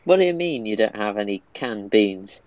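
A man reading out a gruff old cowboy cook. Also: lowish voice, expressive, moderate pace, darkish tone, dry recording, highs cut off, natural voice. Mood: amused reading. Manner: reads the lines plainly, no accent.

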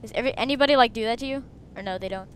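A woman hosting a game video, chatting casually and breaking into excited shrieks. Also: on the high side, very fast, a little hiss or hum. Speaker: gaming video host. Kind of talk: casual gameplay commentary.

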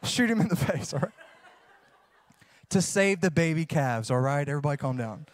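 A man's voice: on the high side, lively intonation, normal speed. A man, preaching a sermon as a pastor, folksy and joking as he tells stories, then preaching with rising fervor.

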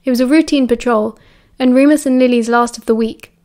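A British woman narrates an audiobook in a slightly high voice, telling the story in a steady, measured way.

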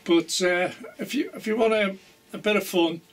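A man's voice: high voice, moderate pace. Older man, hobby vlog chat, chuckly, rambling, mic far off. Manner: chatty, rambling, chuckling often. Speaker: model railway vlogger. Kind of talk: casual chat to camera.

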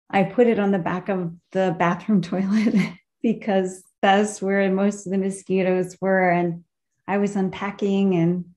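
Over a video call, a woman shares a heartfelt personal memory at a memorial gathering, often pausing as she searches for words. Her voice is mid-range with a darkish tone.

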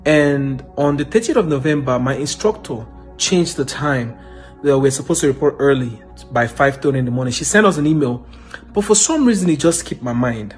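A man giving an earnest, emotional spoken testimony, now and then bursting into loud praise. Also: mid-range voice, expressive, normal speed, faint music behind. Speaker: testimony giver.

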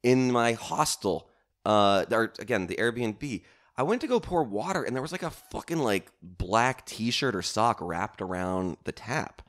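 Low-voiced man in a rambling monologue. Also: sing-song, unhurried, fairly bright tone. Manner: swearing, self-mocking storytelling with lots of fillers. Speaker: comedian and podcast host. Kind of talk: casual rambling podcast monologue.

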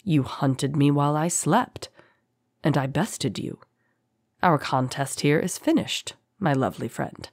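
A woman voicing a calm, menacing male rebel leader who speaks smoothly and courteously, in a deep voice. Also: slow, dry recording, studio quality, full character voice. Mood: eerily calm. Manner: smooth, courteous, soft-spoken.

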